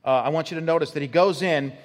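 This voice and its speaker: A man's voice: fairly high pitch, fast talker. A man preaching a sermon as pastor, emphatic and often repeating his words as he builds a point. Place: church sanctuary. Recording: long hall reverb.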